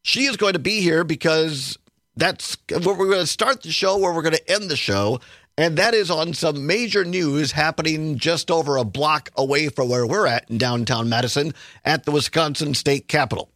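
A male talk radio host delivers a chatty, sarcastic political monologue from the studio. His voice sits a little high for a man and comes through a studio microphone, close and completely dry. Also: moderate pace, a bit bright, dry recording.

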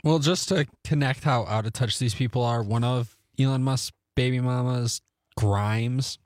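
A man's voice: medium pitch, a little slow, a little mellow, no room sound, studio quality. A man on a radio talk show, explaining things in a wry way. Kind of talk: casual radio chat.

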